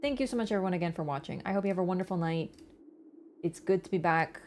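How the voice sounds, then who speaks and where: A woman's voice: lowish voice, quick pace, darkish tone, slight background noise. A young woman game streamer wrapping up her livestream in a rambling, chatty way, with casual swearing. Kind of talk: casual livestream sign-off chat.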